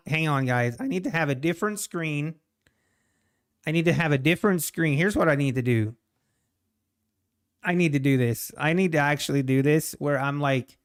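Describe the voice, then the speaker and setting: A man's voice: fairly high pitch, a bit bright, smooth. A man streaming his trading live, talking to the chart and chatting with viewers between laughs.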